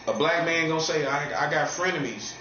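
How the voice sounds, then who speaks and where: Man preaching in aave, taunting and repeating himself, kinda high voice, muffled echoey room. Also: brisk, pushed and bright, a little hiss or hum. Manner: taunting, repetitive, swings from mocking highs to low earnest tones. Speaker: street preacher. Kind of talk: provocative monologue. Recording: roomy dull lo-fi recording with faint ambience.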